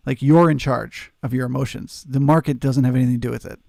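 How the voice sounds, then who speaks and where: A man's voice: mid-range voice, fairly even intonation, quick pace, creaky, a little mellow, no echo, clean studio sound. A man hosting a live trading stream, answering chat and coaching viewers in an earnest, emphatic way. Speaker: trading livestream host.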